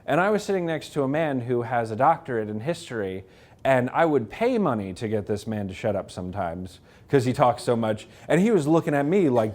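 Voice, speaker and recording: A man, an author, telling lively self-mocking stories to an audience at a library talk, acting out the people he quotes. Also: mid-range voice, a little fast. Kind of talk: anecdotal storytelling to a live audience. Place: public library event room.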